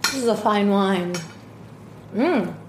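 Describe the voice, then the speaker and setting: A woman's voice: mid-range voice, takes it slowly. A woman co-hosts a podcast in easy, casual chat and tastes food between remarks. She speaks in a home kitchen. The room is echoey, with faint ambient noise underneath. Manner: chatty, eating while talking. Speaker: podcast co-host.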